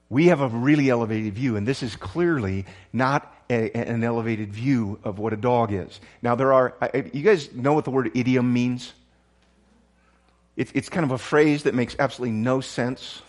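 A man's voice: mid-range voice, darkish tone. A middle-aged pastor preaching a sermon, often restarting words and suddenly raising his voice for emphasis. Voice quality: repeats and restarts words, emphatic jumps in volume.

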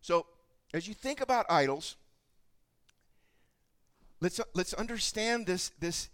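Animated male preacher with a lively voice. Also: high-pitched, slow pace, clear, resonant tone. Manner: animated storytelling, acts out voices. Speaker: pastor. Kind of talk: sermon.

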